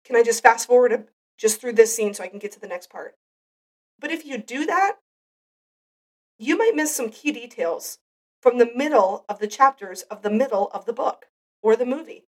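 A woman's voice: a little high, animated, moderate pace, darkish tone, far from the mic. A woman hosting a devotional podcast, giving an earnest, heartfelt Bible teaching. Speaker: podcast host.

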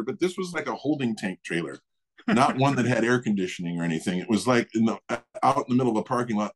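A middle-aged man casually telling a story in conversation, animated and laughing often. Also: mid-range voice. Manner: animated, acts out others' voices, laughs often. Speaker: guest storyteller.

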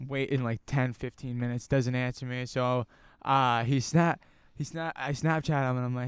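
A young man telling a rambling story in a casual outdoor podcast chat, getting animated and cursing as he goes. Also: medium pitch, normal speed, few pauses, clean tone, no echo. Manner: rambling, animated, swears when worked up. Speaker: podcast guest.

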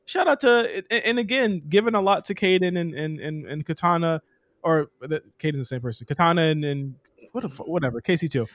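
A young man riffs on wrestling with a co-host, animated, profane and quick to laugh. His voice sits a little high. It is recorded close and dry, with no room sound. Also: no echo. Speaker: podcast co-host. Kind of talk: casual wrestling chat.

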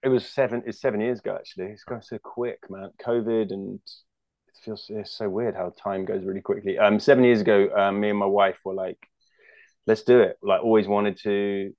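British comic guest, lowish voice, jokey rambling chat, dry dull lo-fi sound. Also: male voice, flat delivery, fairly quick, no echo. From United Kingdom. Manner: rambling, jokey, many restarts. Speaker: guest comedian. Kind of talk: casual chat.

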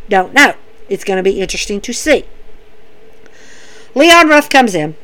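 A woman casually recapping wrestling events, animated, dropping her voice to act out what the wrestlers say. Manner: animated, acts out wrestlers' lines in a lowered voice.

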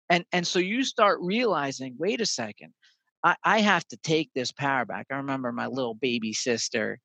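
A man chatting on a podcast, animated, telling stories that carry life advice. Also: medium pitch, moderate pace, vocal fry, no room sound, poor audio. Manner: animated storyteller, swears casually. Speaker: podcast guest. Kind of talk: casual conversation.

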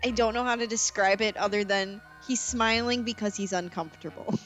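A woman co-hosting a podcast, chatting in a rambling, expressive way. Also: mid-range voice, fairly quick, soft background music. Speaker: podcast co-host. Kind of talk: casual podcast chat.

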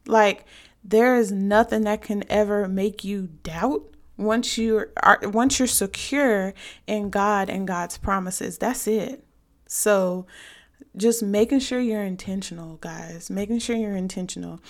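A woman's voice: medium pitch, takes it slowly. A woman hosting a faith podcast, giving earnest, conversational devotional advice directly to her listeners. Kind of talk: casual devotional podcast talk.

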